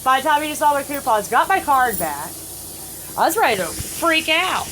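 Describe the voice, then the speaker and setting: A woman's voice: high voice, sing-song, moderate pace, a bit bright, slight background noise, low-quality recording. A middle-aged woman telling a story in casual chat, acting out other people's lines. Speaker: family vlogger. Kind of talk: casual storytelling while playing a phone game.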